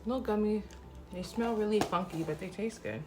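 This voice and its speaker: A woman's voice: medium pitch, a little fast. A woman in her thirties, a mother of four, chatting casually and upbeat straight to camera while tired. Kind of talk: casual vlog chat. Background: music.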